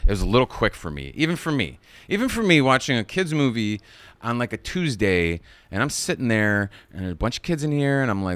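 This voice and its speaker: A man's voice: medium pitch, very animated, a little fast, fairly bright tone, no echo. A man recapping a kids movie on a live stream in a casual, rambling way, swearing often and laughing at his own jokes.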